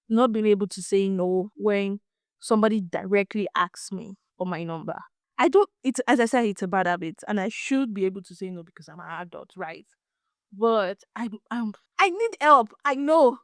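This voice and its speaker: A young Nigerian woman hosting a casual solo podcast, chatty and animated, laughing often and repeating words as she goes. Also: on the high side, clean tone, no echo, clean studio sound. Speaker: podcast host.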